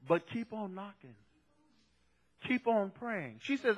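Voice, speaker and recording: A male pastor preaching a sermon in an emphatic way, often urging "listen" and moving from soft talk to shouting. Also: sits high, sing-song, slow, long pauses.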